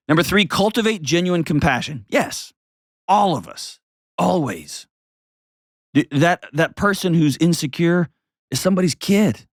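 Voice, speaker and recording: A man's voice: fairly high pitch, dry recording, clean studio sound. Blunt, emphatic male advice host. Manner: blunt, emphatic, repeats short commands. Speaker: show host. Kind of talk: opinionated advice commentary.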